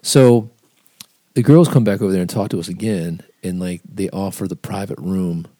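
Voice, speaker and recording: A man's voice: low voice, normal speed, mellow, no room sound, clean studio sound. A man co-hosting a casual podcast, telling rambling stories and swearing freely. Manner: rambling, swears a lot, acts out quotes. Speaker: podcast co-host. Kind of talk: casual profane storytelling.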